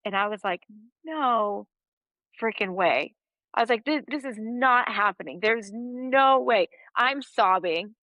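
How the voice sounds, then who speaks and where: A woman in her thirties tells a story with animated energy and frequent laughter. Her voice is bright and clear, in the middle of her range. The recording is dry and close, with no room echo. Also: medium pitch. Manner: animated, laughs often while telling a story. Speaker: podcast guest. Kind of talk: storytelling in a casual interview.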